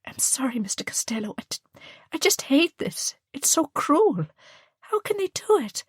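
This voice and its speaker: A distressed young nun, voiced by a woman narrating a novel. She speaks in a halting, shaky voice that rises high, and some words drop almost to a whisper. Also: fairly even intonation, darkish tone, breathy edge, dry recording, clean studio sound. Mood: upset.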